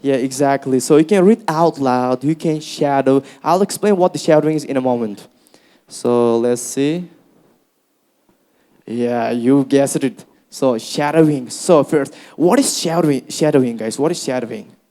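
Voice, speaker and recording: A young man with an Uzbek accent teaching a speaking workshop to a class, lively and encouraging, often calling them guys. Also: medium pitch, unhurried. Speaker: English teacher. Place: classroom with students.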